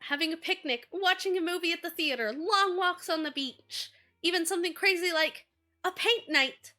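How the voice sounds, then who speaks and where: A woman's voice: very high-pitched, normal speed, pushed and bright, soft background music, voice pushed up. A woman voicing a cheerful young woman in a dating game, eager and bubbly as she speaks. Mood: wistful, eager.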